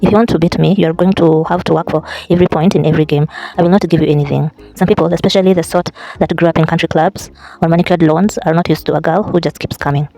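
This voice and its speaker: A quick, gravelly voice runs through a casual vlog and then a book reading, stumbling and restarting phrases. The tone sits dark and mellow, and quoted lines come out in the same plain delivery. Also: mid-range voice, fairly even intonation, rough recording. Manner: halting, with restarts and self-corrections. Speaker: vlogger reading a book aloud. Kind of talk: casual vlog and unpolished read-aloud.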